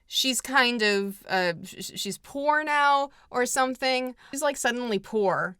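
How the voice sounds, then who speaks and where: A woman's voice: a little high, lively intonation, unhurried, bright, forceful tone, clear, resonant tone, no echo, studio quality. Sarcastic woman rambling through a comedic recap. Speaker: vlogger. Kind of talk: comedic movie summary.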